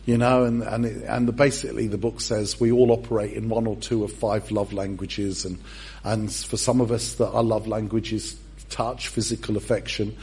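A man's voice: lowish voice, normal speed, creaky, slightly rough. A middle-aged man preaching a humorous sermon in a church, telling stories with self-mocking jokes. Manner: animated, self-mocking storyteller. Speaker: pastor.

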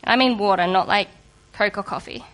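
A woman giving a sermon to a congregation in a lively, conversational and humorous way, just getting over a cold. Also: mid-range voice, fairly quick. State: recovering from a cold. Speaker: preacher.

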